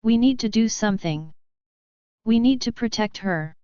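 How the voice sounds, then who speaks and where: A man's voice: high voice, animated, normal speed, a little mellow, smooth, dry recording, muffled recording. A woman voicing a hot-tempered, loyal young male werewolf, in an urgent, protective way, in an audiobook.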